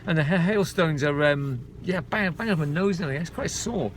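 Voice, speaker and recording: A man's voice: fairly high pitch, normal speed. A man chatting casually to his viewers in a rambling vlog, calling them folks. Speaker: vlogger. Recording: background noise.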